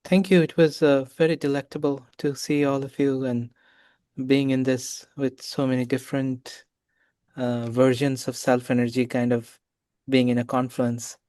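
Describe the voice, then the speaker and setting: Mellow male participant, halting and paused, dry close sound. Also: medium pitch, level tone, no echo. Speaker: group participant. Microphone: video call.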